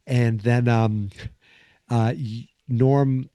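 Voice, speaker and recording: A man's voice: medium pitch, steady tone, drawn-out words, warm tone, clear, resonant tone, no echo. A man hosting a podcast, casually recapping a sitcom episode in a rambling way, acting out bits of dialogue along the way. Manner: rambling, acts out quotes from the episode. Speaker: podcast host.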